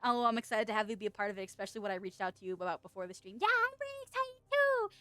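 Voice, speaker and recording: A young adult woman streamer chatting casually and excitedly with her viewers, laughing often. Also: mid-range voice, very fast, clear, resonant tone, no room sound. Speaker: streamer and VTuber. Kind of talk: casual livestream chat.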